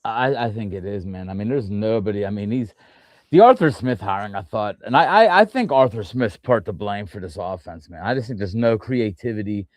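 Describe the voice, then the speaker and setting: A man's voice: on the low side, expressive, a little fast, dry recording. A man hosting a casual sports talk show, rambling through his points with frequent restarts and fillers. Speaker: podcast host.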